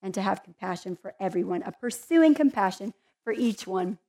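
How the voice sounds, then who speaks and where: A woman's voice: medium pitch, animated, normal speed, mellow. A woman giving a conversational Bible teaching in an earnest, heartfelt way, with chatty asides to her listeners.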